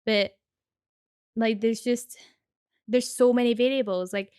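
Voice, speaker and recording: A young Scottish woman, chatting as an interview guest, her words tumbling out with constant "like" fillers. Her voice sits a touch high and sounds smooth and clear, recorded close and dry with no room sound. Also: fairly even intonation, darkish tone, no echo. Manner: rapid, chatty, full of "like" fillers. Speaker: guest, streamer. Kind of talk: casual interview chat.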